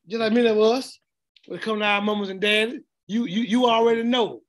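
A man's voice: high voice, steady tone, fairly quick. A middle-aged man preaching a blunt, informal sermon and laughing often as he speaks. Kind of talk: street sermon.

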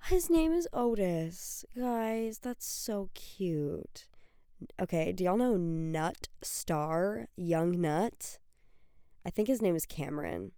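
A young woman hosts her own podcast in a loose, rambling way, full of fillers, gushing asides and self-corrections. Her voice is smooth and clear, and she talks at an unhurried pace. The close mic sounds dry, with no room echo. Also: lowish voice, mellow. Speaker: podcast host. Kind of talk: solo chatty podcast rant.

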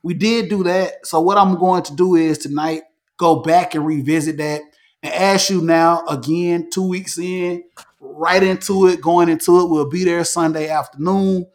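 A man hosting a casual sports talk show, animated, repeating himself and restarting phrases as he makes predictions. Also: on the high side, normal speed. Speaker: podcast host.

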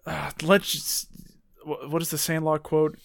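A man's voice: on the high side, monotone, unhurried, vocal fry, dry recording. Man co-host in a dry-sounding room. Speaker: podcast co-host. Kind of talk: casual chat about books.

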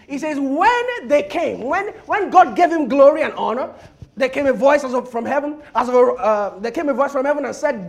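A man preaching with a very high, gravelly voice that rides up and down with great animation. He drops to quiet murmurs one moment and breaks into impassioned shouts the next as he reads and explains scripture. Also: expressive, normal speed. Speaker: pastor. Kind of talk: sermon.

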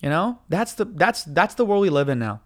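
A young man hosting a podcast, telling a profane, animated story in a ranting casual monologue. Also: high voice, brisk. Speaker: podcast host.

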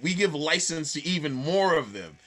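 A man's voice: on the high side, big pitch swings, moderate pace, a bit bright. A man from the Boston area with a Boston accent, a stand-up comedian telling stories in casual podcast chat, swearing freely. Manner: swearing, storytelling, acts out quoted voices.

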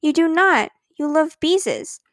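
A woman's voice: high-pitched, animated, a little slow, dry recording, clean studio sound. Woman doing a fierce, defiant little girl. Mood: hurt. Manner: shouting, sulky, indignant. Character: angry defiant little schoolgirl.

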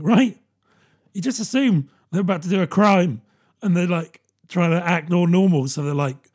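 A man's voice: a little high, creaky, a little mellow, husky. A British man in his thirties, rambling and self-mocking in a casual comedic monologue, laughing often. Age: 30s.

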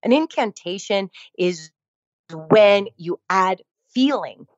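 A woman's voice: medium pitch, expressive, slow pace, no echo, dull audio. A woman, a fitness instructor, telling her story in a conversation, emphatic and repeating phrases for effect.

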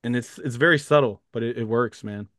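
A man's voice: medium pitch, brisk, fairly bright tone, no echo, studio quality. Laughing man quoting movie lines. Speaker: podcast co-host. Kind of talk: casual movie discussion.

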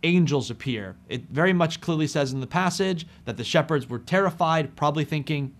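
A man preaching a sermon, speaking expressively and with emphasis, dropping soft on key phrases. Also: fairly high pitch, expressive, brisk.

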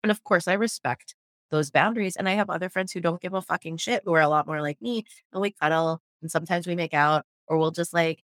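A woman chatting casually as a podcast host, animated and swearing freely, with lots of "like" fillers. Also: sits low, no echo, clean studio sound. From Los Angeles area. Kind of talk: casual chat.

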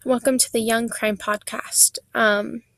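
Teen girl doing her own crime podcast, kinda high voice, lots of ums, dry close mic. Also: little pitch movement, unhurried, a bit bright, no room sound, rough recording. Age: teens. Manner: chatty, with many fillers and restarts. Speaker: podcast host. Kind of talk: casual true-crime podcast narration.

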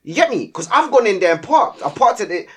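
Animated young man, husky voice. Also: high voice, brisk. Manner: animated, slangy, acts out his own shouted lines. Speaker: podcast co-host. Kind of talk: casual storytelling chat.

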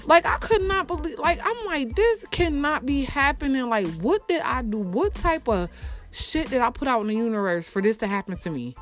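Brief: woman, angry storytime vlog, profane and exasperated, big jumps between shouts and low mutters, soft music behind. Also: very animated, fairly quick. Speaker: single mother telling a personal story.

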